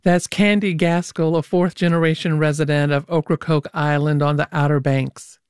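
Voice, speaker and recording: A woman's voice: low-pitched, steady tone, moderate pace, darkish tone, clear, resonant tone, dry recording. A woman hosting a public radio interview show in a studio, teasing her guests in a playful way.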